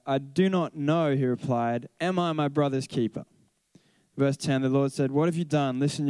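A man's voice: mid-range voice, warm tone, dry recording. A man who teaches, giving a casual Bible talk, rambling and correcting himself as he tells stories. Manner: rambling, self-correcting storyteller.

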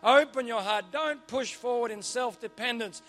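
A middle-aged Australian man preaching a sermon in a church, animated and joking with punchy repeated phrases. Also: extremely high pitch, moderate pace, soft background music. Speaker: pastor.

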